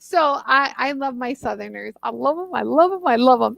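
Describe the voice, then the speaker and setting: A woman's voice: high voice, lively intonation, normal speed, gravelly, hardly any pauses, a bit bright, no echo. A woman from the northern United States hosting a live jewelry tool stream, chatting with viewers in a bubbly, gushing way.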